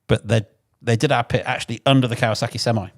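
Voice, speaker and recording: An English man spins rough-edged stories from the pits at a middle pitch. He talks in a loose, chatty way, swears freely and slips into quoted shouts as he goes. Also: steady tone, very fast. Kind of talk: casual storytelling chat.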